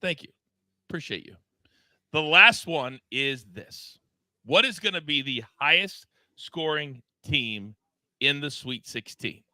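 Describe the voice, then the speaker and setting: A man's voice: on the high side, pushed and bright, dry recording. A man hosting a live sports betting show, bantering with his co-hosts and reading the chat. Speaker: show host.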